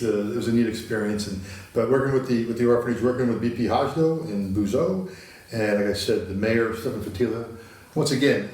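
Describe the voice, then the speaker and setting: A man's voice: fairly low pitch, a little mellow, distant mic. A man from the United States, a guest in a studio interview, telling stories casually with many restarts. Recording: very echoey, from the mic.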